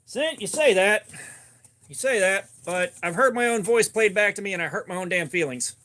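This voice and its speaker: Animated and sharp-toned, with a voice that sits high, a man runs a casual livestream and responds to comments from viewers. His style is joking and rambling, full of quick asides.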